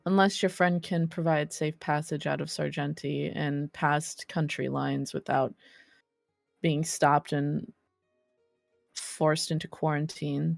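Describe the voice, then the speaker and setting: Woman playing a tired ill woman, resigned, low voice, quiet, dry sound. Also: vocal fry, no room sound. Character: weary ill woman clutching a bottle.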